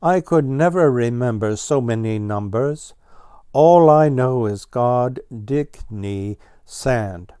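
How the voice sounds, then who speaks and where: A man doing a loud cheeky blue jay. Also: medium pitch, expressive, takes it slowly, clear, resonant tone, dry recording, studio quality. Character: brash teasing male blue jay bird.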